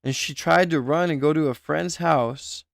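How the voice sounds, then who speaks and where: A man's voice: fairly high pitch, normal speed, gravelly, dry recording, studio quality. A man streaming live, reacting with emotional exclamations and speculation as he reads a document aloud and comments on it.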